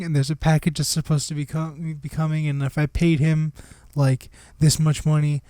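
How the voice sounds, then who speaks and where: Young male podcast co-host, slightly higher voice, animated storyteller, dry close mic. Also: normal speed, dry recording. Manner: animated storytelling, swearing, acting out quotes. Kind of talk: casual chat.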